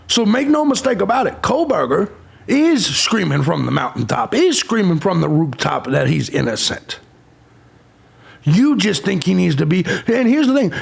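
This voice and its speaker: Gravelly, abrasive ranting man. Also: high-pitched. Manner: abrasive, insulting, sarcastic. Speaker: true crime channel host. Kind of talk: profane ranting commentary.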